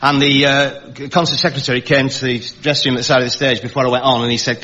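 A man's voice: medium pitch, steady tone, pushed and bright, highs cut off. A man telling a wry anecdote from his early days as a comedian. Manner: brisk, wry storytelling.

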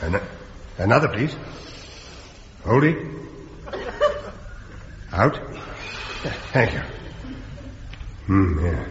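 An actor playing a breezy, chuckling bomb-disposal captain in a radio comedy. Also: male voice, deep voice, big pitch swings, drawn-out words, pauses often, noisy background, heavily acted. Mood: jovial. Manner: jovial and chuckling. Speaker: comedy character. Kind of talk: 1970s radio sitcom acting. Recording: roomy lo-fi studio recording.

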